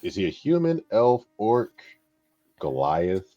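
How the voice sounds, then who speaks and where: A man's voice: lowish voice, sing-song, takes it slowly, mellow, no echo, lo-fi sound. A man chatting and joking as a player at a tabletop game, describing his character's moves. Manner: laughing, self-mocking banter. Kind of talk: casual game chat.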